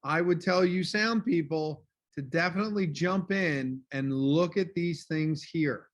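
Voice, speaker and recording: A male teacher giving a casual online class review, loud and full of fillers like "um" and "okay?", speaking over a video call. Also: on the high side, a little slow.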